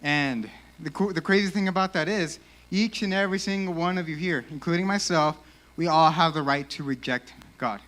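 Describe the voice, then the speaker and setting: A young man giving a casual, animated youth sermon in a church, peppered with "like," and a little out of breath. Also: on the high side, normal speed. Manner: casual, animated, lots of 'like'. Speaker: youth speaker.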